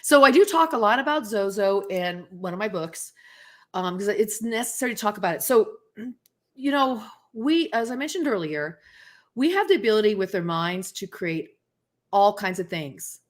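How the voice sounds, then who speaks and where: A woman guest tells stories casually on a radio talk show. She keeps her voice at an everyday middle pitch and acts out the voices of people she quotes as she goes. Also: lively intonation, moderate pace. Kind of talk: casual interview storytelling.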